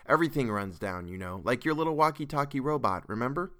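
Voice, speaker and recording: A man playing a cheerful young father gently explaining things to his children. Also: mid-range voice, expressive, fast talker, natural voice. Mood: reassuring.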